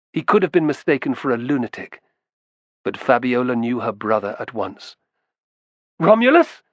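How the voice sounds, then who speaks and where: A man narrating a historical novel in an expressive storytelling style. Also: mid-range voice, no room sound, highs cut off. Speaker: audiobook narrator. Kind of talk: scripted narration.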